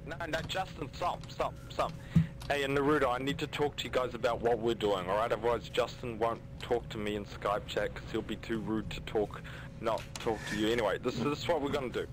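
A man's voice: mid-range voice, fairly even intonation, a little fast. Plan-explaining gamer man on noisy chat. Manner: explains plans step by step. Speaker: player. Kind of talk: voice chat during game role-play.

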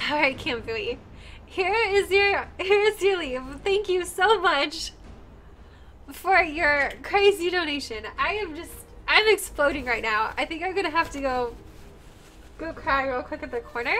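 A woman's voice: high-pitched, animated, slow pace, pauses often, sharp tone, slight background noise. A young woman streaming live, tearful and crying as she gushes thanks to her viewers. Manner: gushing, effusive thanks.

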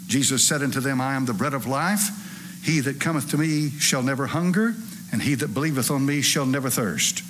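A man, preaching a sermon to a church congregation in a folksy, animated way with asides to the crowd. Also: mid-range voice, slight background noise. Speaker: pastor. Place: church sanctuary.

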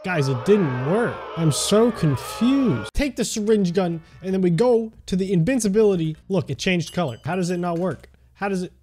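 A young man giving jokey, excited commentary on a sandbox game, crying out at the action. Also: sits high, moderate pace, few pauses, faint music behind. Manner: animated, jokey, cries out at on-screen action. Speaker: gaming YouTuber.

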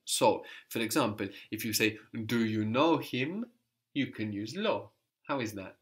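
A man's voice: lowish voice, animated, unhurried. Patient male language teacher. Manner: patient, prompting questions, repeats answers. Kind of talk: guided language lesson.

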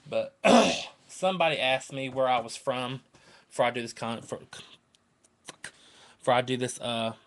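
A man's voice: medium pitch, normal speed, vocal fry, pauses often, fairly bright tone. A man in his twenties from North Carolina with a Southern accent, talking to camera in a rambling, earnest and emotional way that repeats itself. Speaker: vlogger. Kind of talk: casual rambling vlog to camera.

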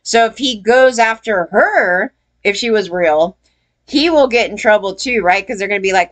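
Woman vlogger, mid-pitch, rambling and profane; a casual, emphatic storytelling rant. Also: lively intonation, normal speed.

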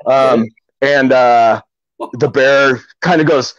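A man's voice: mid-range voice, steady tone, normal speed, no echo, muffled recording. A middle-aged man from Omaha, a kayak angler, tells stories casually in a podcast interview, rambling with many fillers and restarts.

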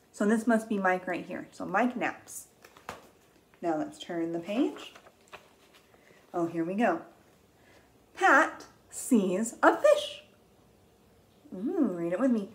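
Slow, patient woman reading to children. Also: medium pitch, poor audio. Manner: gentle and patient, counting aloud with gasps of wonder. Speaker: teacher reading aloud to children. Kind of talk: slow read-aloud lesson for young children.

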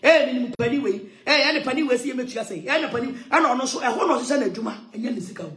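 Loud ranting woman. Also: high voice, lively intonation, racing, roomy sound. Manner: loud, shouting and sing-song outbursts. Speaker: social media commentator. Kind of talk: heated rant mixing English and Twi.

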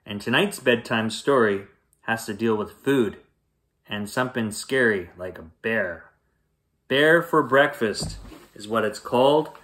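A man reading a children's bedtime story aloud, playful and animated, acting out sound effects. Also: on the low side, a little slow.

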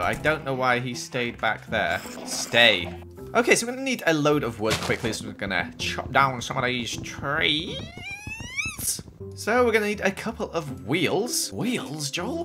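A young man giving chatty, excitable commentary while playing a video game. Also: medium pitch. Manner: excitable, chatty, jumpy exclamations. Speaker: gaming YouTuber. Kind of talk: casual Let's Play commentary.

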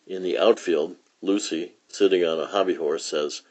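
A man reading a comic book aloud for children in a relaxed storytelling way. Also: low voice, moderate pace, hardly any pauses. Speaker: reader. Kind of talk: children's read-aloud narration.

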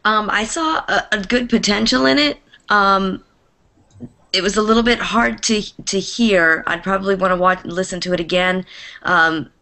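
A woman with a mid-range, bright and forceful voice speaks at a normal speed. She's a drama teacher from New England giving thoughtful feedback in a casual video call, hesitating with frequent ums.

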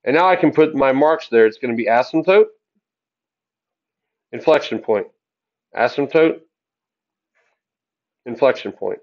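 A man's voice: medium pitch, lively intonation, a little slow, pauses often, highs cut off. A man teaching a math class in an upbeat, jokey way, asking the class questions as he works through the graphs. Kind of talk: classroom lesson.

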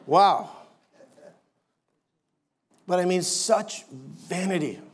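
High-voiced pastor preaching. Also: male voice, extremely slow, husky. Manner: emphatic preaching with wry asides. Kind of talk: sermon.

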